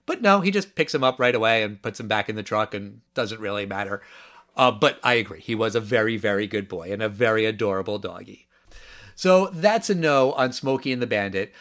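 Animated man co-hosting a movie podcast. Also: on the low side. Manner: animated, incredulous, quick asides. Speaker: podcast co-host. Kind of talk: casual movie review chat.

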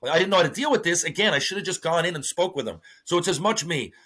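A man swearing freely as he acts out old locker-room stories in a casual podcast chat. His voice sits a bit high and sounds bright and forceful. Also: fast talker, slightly rough. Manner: profane, animated storytelling with acted-out quotes. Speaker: podcast guest, former hockey player. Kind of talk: casual storytelling interview.

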